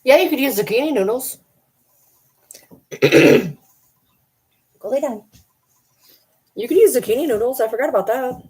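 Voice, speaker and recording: A middle-aged woman chats casually with her viewers on a livestream. Her voice sits in the middle range. She rambles, swears offhandedly and slips into baby talk with her pets. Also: mid-range voice. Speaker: livestream host.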